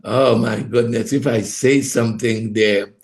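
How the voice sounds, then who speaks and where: A man's voice: mid-range voice, fairly even intonation, a little slow, creaky, darkish tone. A man hosting a casual devotional program from a home studio, hesitant and full of fillers, greeting listeners by name and laughing heartily. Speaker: ministry program host. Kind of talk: casual devotional broadcast chat.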